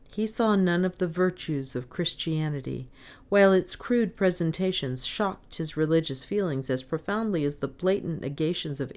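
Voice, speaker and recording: A woman reads a novel aloud in a measured, expressive way. Her voice sits very low for a woman. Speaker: narrator. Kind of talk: audiobook reading of a novel.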